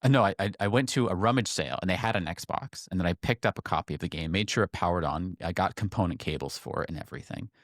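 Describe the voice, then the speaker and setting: Animated storytelling man, low and dry. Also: fast, hardly any pauses, no room sound. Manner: animated, acts out quoted voices in a higher pitch. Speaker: podcast co-host. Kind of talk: casual storytelling chat.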